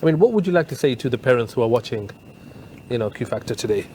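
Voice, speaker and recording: A man's voice: medium pitch, animated, quick pace, warm tone, a little hiss or hum. A man presenting a live studio show, talking in long, rambling questions full of fillers and restarts.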